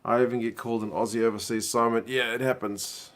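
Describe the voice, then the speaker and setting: Kiwi guy chatting away on a stream watching rugby, says bro a lot, mid pitch. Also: level tone, fast talker. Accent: New Zealand. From New Zealand. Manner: chatty, reads viewer comments aloud, says bro. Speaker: live-stream host. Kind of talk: casual live-stream match commentary.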